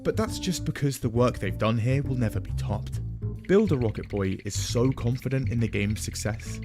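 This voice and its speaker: A man's voice: mid-range voice, lively intonation, moderate pace. A man giving scripted narration in a dry, sardonic tone. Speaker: video essay narrator. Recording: music bed behind narration.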